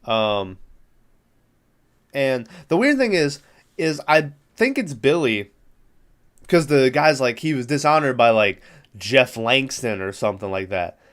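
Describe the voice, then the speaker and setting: Podcast host, male, smooth clear voice, loose profane plot recap with lots of fillers. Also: medium pitch, animated, measured pace, long pauses, a bit bright. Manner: rambling, profane, amused. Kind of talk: casual movie recap.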